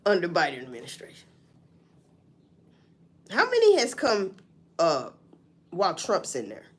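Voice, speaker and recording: Loud, profane woman riffing on the news. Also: fairly low pitch, measured pace, husky. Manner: animated and profane, mocking news quotes, laughing, swinging from loud to mutter. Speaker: livestream host. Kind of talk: live-stream commentary reading news.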